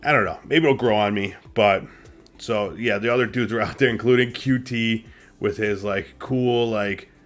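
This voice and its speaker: A man's voice: fairly low pitch, moderate pace. A man hosting a casual recap, chatty and opinionated, with lots of fillers. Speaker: wrestling show reviewer and host.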